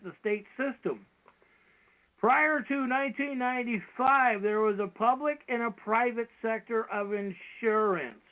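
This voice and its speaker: A man hosting a live stream, talking in an emphatic, repetitive, preachy rant. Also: high-pitched. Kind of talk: casual ranting monologue. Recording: tinny phone-line sound.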